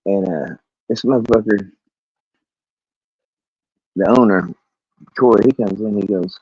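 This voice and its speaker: A man's voice: fairly low pitch, unhurried, pauses often, dry recording. A man ranting about his workday to camera, rambling and swearing, laughing often. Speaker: vlogger. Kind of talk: casual rant. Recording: dull, lo-fi, dry recording.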